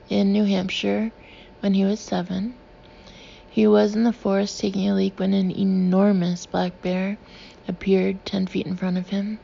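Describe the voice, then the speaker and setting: A woman narrating an audiobook in a hushed manner that sometimes turns breathy and near-whispered. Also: mid-range voice, highs cut off, slight background noise.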